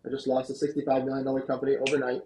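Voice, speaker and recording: A man, a guest on a podcast, telling a long story in an animated, fast-moving way. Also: mid-range voice, a little hiss or hum, low-quality recording. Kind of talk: storytelling interview answer. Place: podcast studio.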